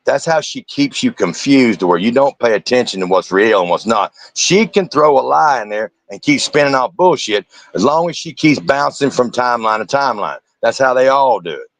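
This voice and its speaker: A man's voice: medium pitch, lively intonation, normal speed, hardly any pauses, dry recording. A man, a streamer giving angry, profane reaction commentary and confronting the people in the clips.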